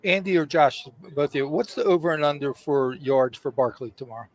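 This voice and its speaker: A man on a sports radio show making his point in halting bursts, repeating words as he goes. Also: a little high, no echo.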